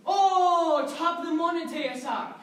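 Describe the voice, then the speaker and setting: A woman's voice: very high voice, normal speed, fairly bright tone, pitched above the performer's own voice. A woman putting on a gushing, sing-song mock Irish accent as a chirpy travel agent. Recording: echoey room, mic far off, noisy.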